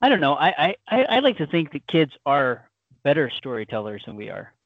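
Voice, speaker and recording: A man's voice: a little high, wildly swooping pitch, a little fast, no echo, phone-quality sound. A man in casual podcast chat, talking enthusiastically and rambling with many fillers.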